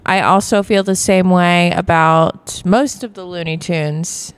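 Young woman stand-up guesting on a bar podcast, low and smooth, deadpan self-mockery. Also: unhurried. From Virginia, US. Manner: dry, self-deprecating storytelling. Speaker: guest comedian. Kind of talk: casual bar podcast chat.

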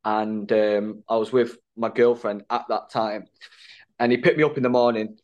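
A man's voice: fairly low pitch, fairly even intonation, moderate pace, darkish tone, lo-fi sound. A man guesting on a podcast as an actor, talking casually in a rambling, matey way with plenty of ums. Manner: rambling, matey, storytelling with filler words. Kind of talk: casual interview chat.

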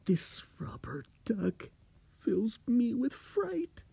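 A panicky, manic man's voice pushed well up in pitch and gasped out, half whispered at times, the voice of someone haunted and coming apart in a spooky tale, as a storyteller puts him on. The tone stays husky and gravelly with a dry, close sound. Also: lively intonation, slow, mellow, dry recording, full character voice. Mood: frantic. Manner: panicky, manic, breathless pleading. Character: frightened, giggling man haunted by a rubber duck.

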